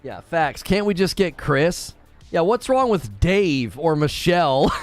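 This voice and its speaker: Animated ranting man, lively pitch. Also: a little slow, faint music behind. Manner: animated, ranting, stumbling over hard names. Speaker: gaming channel host. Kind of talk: casual live-stream chat, reading viewer comments.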